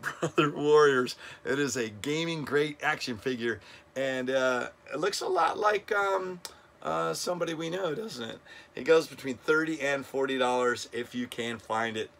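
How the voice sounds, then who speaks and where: A man's voice: mid-range voice, a bit bright. A middle-aged man hosting a casual toy countdown vlog, enthusiastic and chatty, often stumbling over names. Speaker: toy review channel host.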